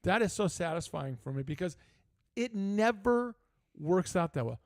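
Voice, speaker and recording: An older man hosting a live sports talk show, telling stories in a casual, animated way. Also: fairly high pitch, fairly quick, creaky, no room sound, clean studio sound. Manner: storytelling, animated, laughing asides. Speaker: host. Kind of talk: casual chat.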